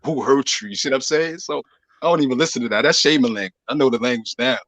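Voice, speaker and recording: A man's voice: mid-range voice, fast, fairly bright tone, dry recording, low-quality recording. A man speaking emphatically on a live podcast discussion, often checking whether listeners follow him. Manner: emphatic, keeps asking "you see what I'm saying". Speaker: show regular.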